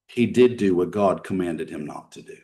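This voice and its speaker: A man preaching a sermon in a conversational style, asking his listeners questions and swinging between emphatic and hushed delivery. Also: deep voice, lively intonation, normal speed, distant mic. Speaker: pastor. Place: church sanctuary.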